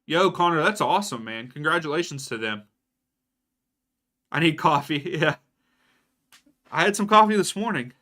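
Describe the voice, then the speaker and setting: A young man streams a live match watchalong, calling the plays in a casual way while he answers chat by name. His voice sits a bit high and comes across bright and forward. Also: animated, normal speed, pauses often. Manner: casual, reacts to plays and reads out chat names. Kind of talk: live match watchalong commentary chatting with viewers.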